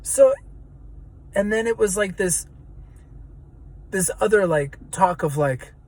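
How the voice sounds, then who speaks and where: Earnest slow-talking man, slightly high voice. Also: darkish tone. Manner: earnest and searching, heavy on fillers. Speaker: vlogger. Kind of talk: reflective personal vlog.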